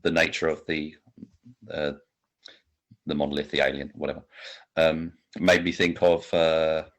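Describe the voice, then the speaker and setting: A man with a very deep, low voice co-hosts a relaxed film review chat. He rambles and halts, circling back and restarting his sentences often. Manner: rambling, halting, many restarts. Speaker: podcast co-host.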